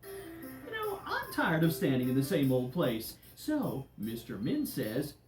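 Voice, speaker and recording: A woman's voice: sits low, huge pitch swings, slow pace, darkish tone, full character voice. A woman voicing a cheerful, friendly male candy game leader who plays a follow-the-leader game with children. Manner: bouncy, playful, coaxing children. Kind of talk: children's DVD game hosting. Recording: roomy echo with music behind.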